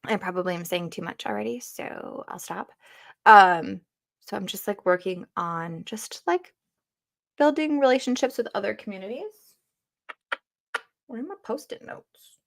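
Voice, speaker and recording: A woman's voice: medium pitch, moderate pace, creaky, pauses often. A woman co-hosting a casual livestream, chatty, laughing and swearing easily. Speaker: co-host of a livestream.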